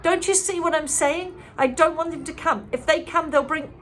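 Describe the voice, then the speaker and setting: A woman voicing an upset teenage girl who sounds defensive and tearful and talks in quick, pleading bursts. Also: high voice, fairly bright tone, a little hiss or hum, pitched above the performer's own voice.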